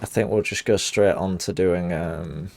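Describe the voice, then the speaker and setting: A man's voice: low voice, fairly even intonation, measured pace, creaky, darkish tone, slight background noise. A man casually commenting on a game while greeting chat and laughing often. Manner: chatty, laughs easily, reads chat. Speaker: game streamer.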